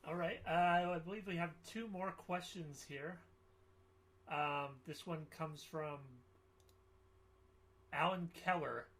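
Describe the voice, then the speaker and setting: Male webcast host, bright and a bit higher-pitched, hesitant and filler-heavy. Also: a little hiss or hum. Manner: halting, many fillers and restarts. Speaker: webcast host reading viewer questions. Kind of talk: casual interview hosting.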